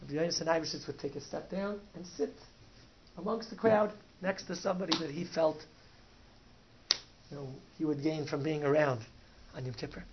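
A man, a rabbi, telling a story in a Torah talk, sprinkling in Yiddish and Hebrew words and swinging from soft to loud. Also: on the high side, moderate pace. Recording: dull lo-fi recording with faint noise.

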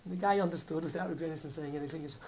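Man, rabbi, Torah talk, fairly high voice, Yiddish and Hebrew words, dull lo-fi sound, faint hiss. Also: racing. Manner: sprinkles Yiddish and Hebrew words, swings from soft to loud. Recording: dull lo-fi recording with faint noise.

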